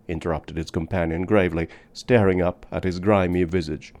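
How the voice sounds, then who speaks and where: A man narrating a book in a measured, deliberate reading. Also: low voice, fairly even intonation, darkish tone. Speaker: audiobook narrator. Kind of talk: scripted narration.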